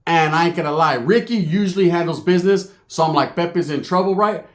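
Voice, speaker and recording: A man telling a comic story, animated and profane, acting out the voices of the people in it. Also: a little high, brisk. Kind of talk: comedic storytelling.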